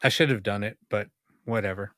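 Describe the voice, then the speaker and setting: A man's voice: on the low side, fairly quick, sharp tone, no room sound, clean studio sound. A man from Los Angeles hosting a podcast, telling rambling anecdotes full of fillers and restarts. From United States (Los Angeles). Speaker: podcast host. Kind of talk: casual podcast chat.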